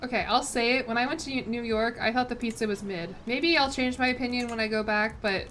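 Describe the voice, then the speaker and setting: A woman's voice: on the high side, a little fast, a bit bright, a little hiss or hum. A young woman streaming a strategy game, chatting casually and thinking aloud in a self-deprecating way. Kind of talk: casual gameplay commentary.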